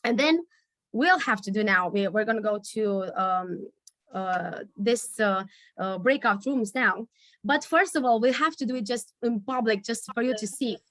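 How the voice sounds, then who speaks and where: Woman teaching improv on a video call, lots of ums, kinda high voice, dry close sound. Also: moderate pace, a bit bright, no echo. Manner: hesitant, searching for words, many fillers. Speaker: storytelling workshop leader. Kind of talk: online workshop teaching.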